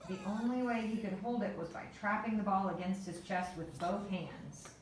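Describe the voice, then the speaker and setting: A woman reading a children's story aloud in a measured, unhurried way. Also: medium pitch, fairly even intonation, slight background noise. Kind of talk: storybook narration. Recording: echoey room, voice from far off.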